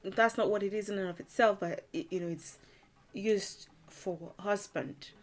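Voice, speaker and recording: A woman's voice: mid-range voice, moderate pace. Chatty woman teaching a language lesson. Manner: chatty, frequent "you know", laughs often. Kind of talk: casual explanatory lesson.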